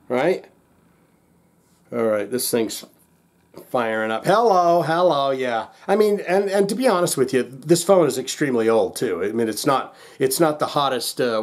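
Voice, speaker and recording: A man's voice: mid-range voice, animated, moderate pace. A man hosting a casual reaction vlog, agitated and exasperated, rambling with lots of restarts and swearing. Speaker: music reaction channel host.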